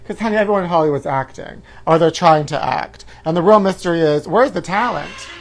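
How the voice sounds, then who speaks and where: A man hosting a live-stream chat show, campy and flamboyant, calling viewers honey and letting out shrill woos. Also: fairly quick, faint music behind. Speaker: host.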